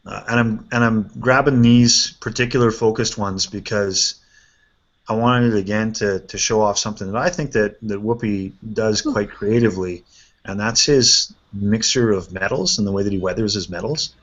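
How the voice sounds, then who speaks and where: Low-voiced guy chatting casually about painted minis, kinda muffled lo-fi audio. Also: moderate pace. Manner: relaxed, chatty, thinking aloud with fillers. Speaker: host. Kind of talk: casual chat reviewing miniature painting. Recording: dull lo-fi sound.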